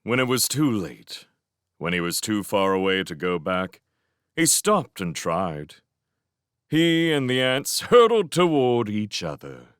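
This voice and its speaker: A man giving a dramatic fan reading of a novel, swinging between tense urgency and hushed lines. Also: mid-range voice, smooth, no echo, clean studio sound. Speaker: audiobook reader.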